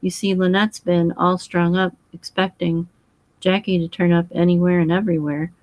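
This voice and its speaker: A woman's voice: fairly low pitch, level tone, moderate pace, darkish tone, no echo, close to an everyday voice, poor audio. A woman voicing an earnest, boyish young English husband who talks frankly and eagerly.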